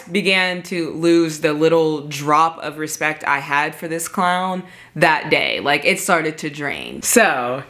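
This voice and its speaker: A woman with a notably low voice telling a personal story to camera. Casual and emphatic, she leans on "like" constantly. It is a close-mic storytime vlog. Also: a bit bright. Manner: casual, emphatic, heavy filler "like". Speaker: vlogger.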